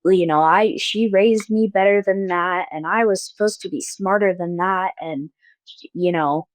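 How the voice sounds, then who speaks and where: Young woman guest, lowish pitch, dry close sound, hesitant with many fillers. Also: a little slow, no echo. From Mormon-majority town in the US. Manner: soft, hesitant, many likes and restarts. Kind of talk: personal storytelling interview.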